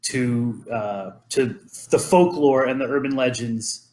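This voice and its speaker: A man's voice: mid-range voice, slow pace, a little mellow. A man hosting a podcast, chatting casually and rambling through legends with many ums and restarts. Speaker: podcast host. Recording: roomy echo.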